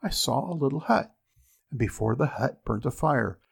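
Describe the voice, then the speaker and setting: A man voicing a weary royal messenger recounting his journey in a storybook reading, with a husky voice. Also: medium pitch, animated, normal speed, exaggerated voice.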